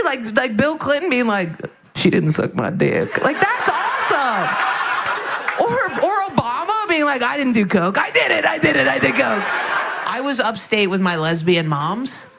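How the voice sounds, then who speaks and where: A woman doing stand-up, telling stories in a dry way and mocking people with low, flat impressions. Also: background noise. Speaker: stand-up comedian. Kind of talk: stand-up set. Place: comedy club stage.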